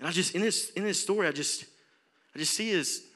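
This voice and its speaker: A young man from Alabama with an Alabama accent preaching a sermon in a church auditorium, passionate, swelling from quiet talk to near-shouting. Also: sits high, a little fast. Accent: Southern US, Alabama. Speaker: youth preacher.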